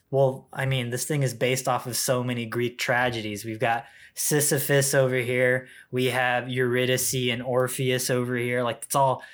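A man's voice: medium pitch, fairly bright tone. Earnest man getting choked up. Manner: earnest, gets choked up while talking. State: emotional, close to tears. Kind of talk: casual podcast chat.

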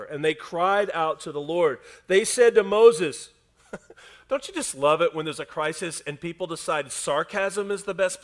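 A man preaching a sermon to a live congregation, swinging from loud emphatic lines to hushed near-whispers and asking the listeners rhetorical questions. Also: on the high side. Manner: asks the audience rhetorical questions. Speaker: pastor. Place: speaking to a live congregation in a room.

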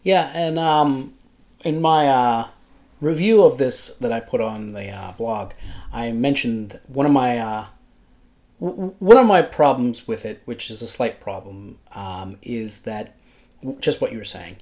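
A man with a constantly nasal voice talks casually about a book he loved. He stumbles and restarts often, with plenty of "uh"s along the way. His pitch sits right in the middle for a man. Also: lively intonation, unhurried, darkish tone. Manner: hesitant, many fillers and restarts. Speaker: podcast co-host, book blogger.

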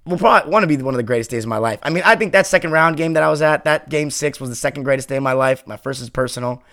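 A man talking straight to the camera as a devoted fan, unfiltered and emphatic. His voice sits a little higher than most men's, and he presses his points with real feeling. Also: very fast. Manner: passionate and emphatic, swinging from heated ranting to quieter heartfelt reflection. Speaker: sports podcast host and fan. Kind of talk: impassioned fan monologue.

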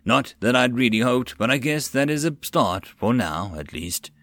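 A man's voice: medium pitch, animated, moderate pace, fairly bright tone. A man voicing a weary male lord of a port city, talking in a tired, grumbling way.

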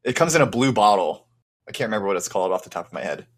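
A man's voice: lowish voice, lively intonation, racing. Laid-back male podcast host. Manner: loose, laughing, lots of fillers. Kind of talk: casual chat and scripted topic intro.

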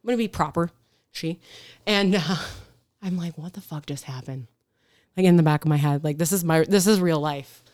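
Woman, police officer, casual podcast chat, animated storyteller, swears often, lowish voice, dry close sound. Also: a little fast, dry recording. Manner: animated storyteller, swears freely, acts out quotes.

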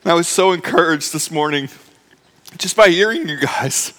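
A pastor recovering from appendix surgery preaches to his congregation in a church sanctuary, chatty and emotional, with many fillers and restarts. His voice is a little high, a little slow, fairly bright and smooth, with a long reverb tail.

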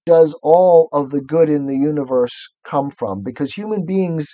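A man's voice: fairly high pitch, normal speed, dark tone, no echo, highs cut off. A man co-hosting a podcast, talking through a book in an earnest, reflective, professorial way. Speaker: podcast co-host. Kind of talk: casual book discussion and reading aloud.

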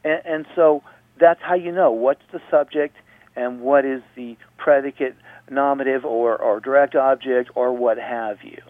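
A man's voice: medium pitch, steady tone, normal speed, dry recording. A male radio host patiently explaining grammar point by point, repeating himself to make sure listeners follow. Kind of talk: radio teaching talk. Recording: dry, phone-like radio audio.

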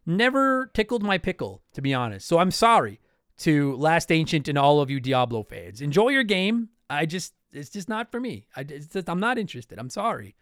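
This podcast host, a young man from Canada, answers listener mail in a casual chat at normal speed, his high, lively voice bouncing all over. He wanders, starts sentences over and apologizes a lot. The sound is close and dry, with no echo and no room around it.

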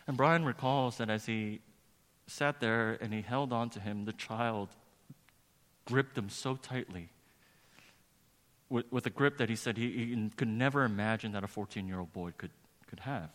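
A man's voice: mid-range voice, normal speed, pauses often, fairly bright tone. A male pastor preaching a sermon, telling a story earnestly and building to emphatic preaching. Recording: long reverb of a large hall.

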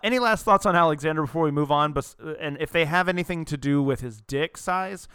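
A man's voice: fairly high pitch, a little fast, pushed and bright, smooth, no echo, clean studio sound. A man co-hosting a casual movie podcast, joking crudely and rambling. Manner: joking, crude, rambling, puts on silly voices. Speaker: podcast co-host.

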